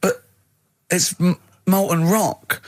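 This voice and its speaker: A man's voice: high voice, steady tone, slow, no room sound. A man co-hosting a radio show, arguing and joking in casual banter. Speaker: radio co-host. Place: radio studio.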